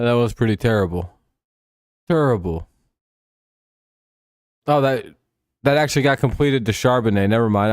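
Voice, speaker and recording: Casting: man, low voice, tired live-stream host, loose and joking, dry close sound. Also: darkish tone, clean tone, no room sound. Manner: rambling, joking, swearing, sleepy. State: tired and yawning. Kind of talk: casual game watch-along commentary.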